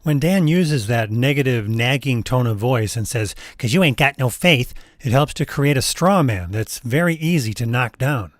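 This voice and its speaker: A man giving measured, skeptical commentary in a voice-over. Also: medium pitch, expressive, no echo, clean studio sound.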